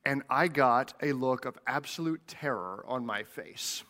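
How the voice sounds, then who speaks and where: A man's voice: mid-range voice, animated, unhurried, pushed and bright. A man preaching a sermon as pastor, earnest, often repeating words as he goes.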